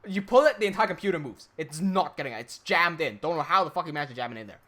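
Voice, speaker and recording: A filmmaker telling a story to camera in an animated way, swearing heavily and trailing off quietly at times. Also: male voice, a little high, rapid-fire. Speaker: filmmaker and channel host.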